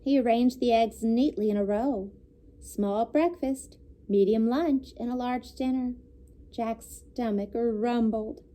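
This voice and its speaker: A woman teacher reading a picture book aloud to young students, pausing to comment and explain. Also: fairly high pitch, fairly even intonation, mellow, slight background noise. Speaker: elementary school teacher. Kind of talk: children's read-aloud.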